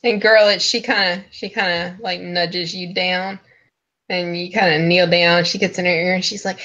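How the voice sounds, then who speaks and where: A woman's voice: on the low side, flat delivery, normal speed, fairly bright tone. Laid-back woman game master. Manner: laid-back, laughing, full of fillers. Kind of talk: narrating a tabletop game. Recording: dull lo-fi recording.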